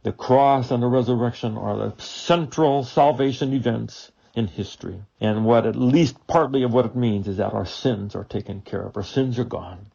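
Male preacher, gravelly voice, earnest rhetorical sermon, dull lo-fi recording. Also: medium pitch, normal speed, hardly any pauses. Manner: earnest, rhetorical questions, swings from loud to hushed. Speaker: preacher and radio show host. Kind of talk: daily devotional sermon.

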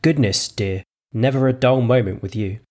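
A prim, know-it-all young woman, as a man reading the story puts her on. She talks down in measured, patronising phrases. Her raised voice keeps a husky, gravelly texture. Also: medium pitch, a little mellow, close to an everyday voice. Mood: condescending. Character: prim condescending young woman, clever and smug.

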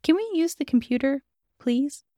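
A woman's voice: high-pitched, animated, moderate pace, dark tone, dry recording, clean studio sound, voice pushed up. A woman voicing a timid, polite young teenage girl.

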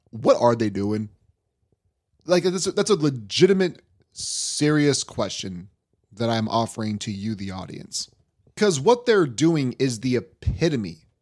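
A man hosting a sports talk podcast, ranting in a worked-up, animated way. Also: mid-range voice. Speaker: podcast host.

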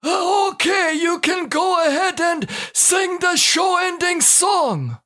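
A woman voicing a bumbling married man in a scripted comedy sketch, speaking halting broken English full of "uh" fillers. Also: very high voice, lively intonation, fairly bright tone, full character voice. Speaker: co-host of a comedy show.

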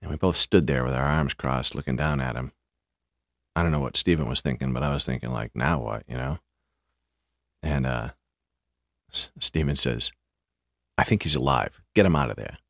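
A man hosting a podcast, telling a story casually in a halting way, often repeating words, with dry understatement. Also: a bass voice, gravelly, a bit bright, no room sound. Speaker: podcast host.

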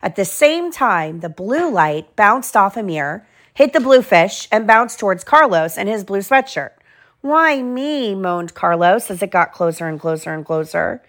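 Mom reading a picture book aloud. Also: female voice, medium pitch, animated, a bit bright. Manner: slow, clear read-aloud with side remarks to kids. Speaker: mother reading to her children.

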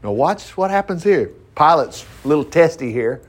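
A man's voice: fairly high pitch, lively intonation, moderate pace, slightly rough. A man leading a casual Bible study, reading scripture aloud and riffing on it in a folksy, conversational way with asides. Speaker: pastor. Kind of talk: informal Bible study sermon.

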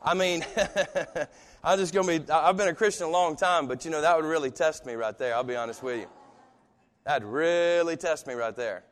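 His voice leans high and moves at a moderate pace as he gives a casual sermon. The pastor voices the people he quotes, and the sound has a long hall reverb.

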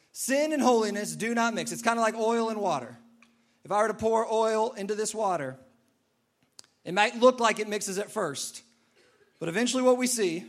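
A male pastor delivering a sermon, earnest and repeating key phrases for emphasis. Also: high voice.

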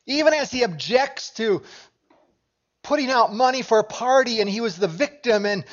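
High-voiced pastor preaching a sermon. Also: male voice, expressive, moderate pace, fairly bright tone, highs cut off. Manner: conversational, asks the congregation questions. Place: church sanctuary.

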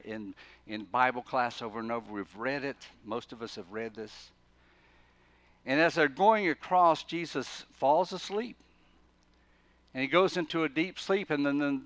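A man preaches a sermon in a voice of ordinary pitch, recorded with a dry, close sound. He tells his story with animated swings from hushed asides to loud, emphatic bursts. He often repeats and restarts words mid-thought. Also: dry recording. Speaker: pastor.

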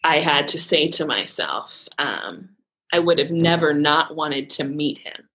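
A woman's voice: low voice, animated, a little slow, fairly bright tone. A middle-aged woman in casual faith chat, talking emphatically and heartfelt, laughing easily.

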